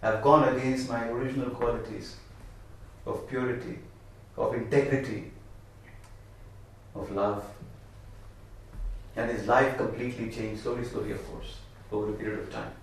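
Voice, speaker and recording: A man's voice: mid-range voice, level tone, moderate pace, long pauses. A man speaking as a spiritual speaker, telling a story animatedly and stressing points with repeated phrases. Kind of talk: storytelling talk. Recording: echoey room from far off.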